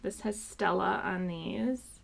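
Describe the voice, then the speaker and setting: Her mid-range voice is gravelly and slow as she hosts a live card-making session. She chats cheerfully and loosely, filler words and all, presenting each sample card.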